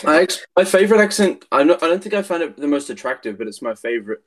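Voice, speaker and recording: A man's voice: fairly high pitch, sing-song, quick pace. A man co-hosting a casual podcast chat, rambling loosely, swearing and losing his words mid-sentence. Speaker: podcast co-host.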